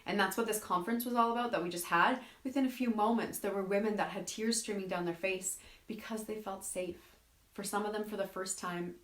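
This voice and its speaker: A woman hosting a live self-help talk who reads viewer comments and acts out quoted friends in an animated way. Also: medium pitch, roomy sound. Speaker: host.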